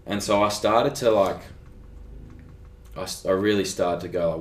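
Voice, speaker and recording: In an echoey room, a young Australian athlete speaks as a guest in a casual interview, his voice low-pitched and at normal speed. He tells a personal story animatedly, acting out conversations and often saying "like".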